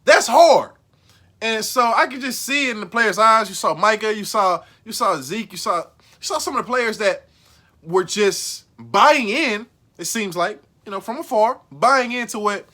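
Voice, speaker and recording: A man hosting a casual recap vlog, slangy and excitable, repeating lines for emphasis and swinging from low mumbles to loud outbursts. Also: normal speed. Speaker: show recap host.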